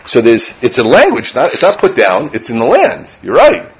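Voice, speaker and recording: A man's voice: mid-range voice, wildly swooping pitch, moderate pace. A middle-aged man, a rabbi, gives an informal Torah lecture to a live audience. He talks conversationally, keeps asking "right?", and mixes Hebrew and Yiddish terms into his English. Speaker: rabbi teaching a class.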